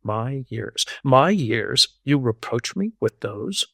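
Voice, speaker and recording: A man reading an audiobook, voicing a sick, jealous old man who wails, pleads and rages in turn, his voice climbing high and loud. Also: sing-song, slow, creaky, no room sound, full character voice. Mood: angry. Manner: querulous, wailing, pleading. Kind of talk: audiobook character voice.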